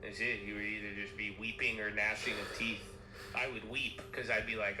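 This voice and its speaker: A man's voice: on the low side, little pitch movement, normal speed, over music. A man talking casually and rambling, swearing freely and acting out imagined conversations. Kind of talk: casual chat. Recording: echoey room with noise.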